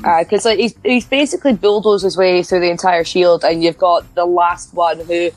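A woman's voice: lowish voice, fairly even intonation, moderate pace, faint music behind, poor audio. A woman co-hosting a podcast, chatting casually and rambling with many restarts. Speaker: podcast co-host. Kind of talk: casual wrestling chat.

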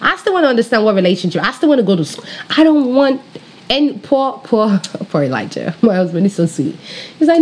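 Bubbly Nigerian woman pastor, lively pitch. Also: fast talker. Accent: Nigerian, with British influence. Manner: bubbly, animated, laughs often, speaks straight to viewers. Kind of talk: personal faith testimony, casual storytelling.

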